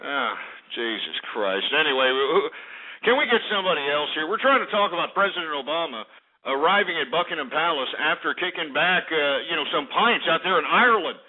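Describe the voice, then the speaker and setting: Brief: high-voiced male talk radio host, swearing and mocking callers, tinny phone-like sound. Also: lively intonation, a little fast. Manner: profane, bombastic, mocking. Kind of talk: ranting call-in radio talk.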